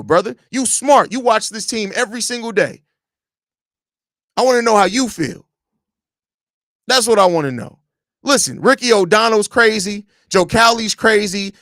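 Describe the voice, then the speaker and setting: Blunt and profane, a man with a Chicago accent runs a live podcast stream, reading chat comments out loud and ranting. For a man, his voice sits high, and its tone is fairly bright. The recording is dry and close, with no sense of a room.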